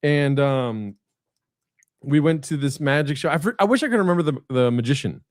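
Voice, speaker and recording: A man's voice: fairly high pitch, expressive, normal speed, dry recording, studio quality. A man chatting casually on a video call, telling long rambling stories full of fillers and swearing. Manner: rambling anecdotes with frequent fillers and profanity. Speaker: guest comedian. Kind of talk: casual storytelling chat.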